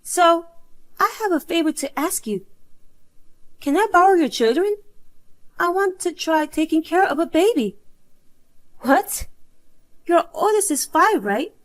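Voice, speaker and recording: A woman's voice: extremely high pitch, sing-song, unhurried, pauses often, pitched above the performer's own voice, full character voice. A woman's voice, probably synthetic, reading the lines of a pushy, self-centered young woman in a drama story. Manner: demanding, huffy.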